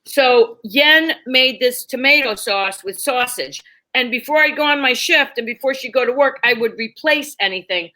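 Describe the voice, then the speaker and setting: A woman comedian spins stories from her life with an animated, laughing delivery. She slips into other people's voices as she goes. Her voice is high-pitched and bright. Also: normal speed. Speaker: comedian guest. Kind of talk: storytelling chat.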